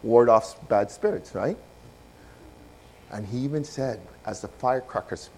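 A man preaching a sermon, telling a story with animated swings up to loud, passionate peaks. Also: on the low side, unhurried, slight background noise, low-quality recording.

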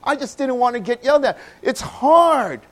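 A man from Hawaii, telling his own story in a sermon and swinging between loud bursts and hushed passages. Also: very high voice, lively intonation, moderate pace, low-quality recording.

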